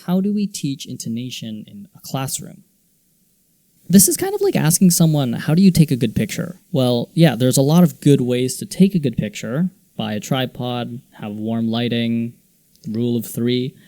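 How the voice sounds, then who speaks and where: A man's voice: mid-range voice, very animated, moderate pace, mellow, no room sound. Guy teaching intonation, voice swings up and down a lot, dry close sound. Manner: clear, demonstrative delivery, acting out example phrases with varied intonation. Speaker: English teaching video host. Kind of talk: scripted explanatory narration.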